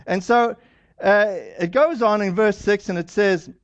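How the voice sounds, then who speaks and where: A man with a high voice preaches a relaxed, chatty sermon and slips into the voices of the people he quotes. The recording sounds dull and lo-fi. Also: measured pace. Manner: casual storyteller, acts out quoted lines. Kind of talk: conversational sermon.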